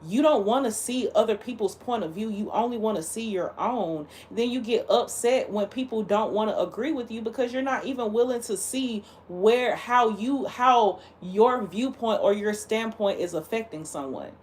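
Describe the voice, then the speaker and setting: A woman's voice: a little high, normal speed, hardly any pauses, a little mellow. Blunt, heated woman ranting on a livestream. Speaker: livestream host. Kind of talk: casual livestream rant.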